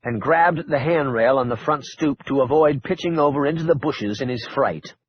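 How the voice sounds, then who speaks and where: A man's voice: medium pitch, normal speed, muffled recording, a little hiss or hum. A man narrating an audiobook thriller in a wry, dramatic storytelling manner. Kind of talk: scripted narration.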